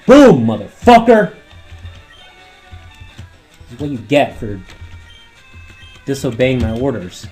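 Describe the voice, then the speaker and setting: A man commentating his gameplay run, rambling and swearing often, his throat worn from yelling at the screen. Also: medium pitch, a little slow, long pauses, soft background music. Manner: rambling, heavy swearing, talks back at the game. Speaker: let's play host.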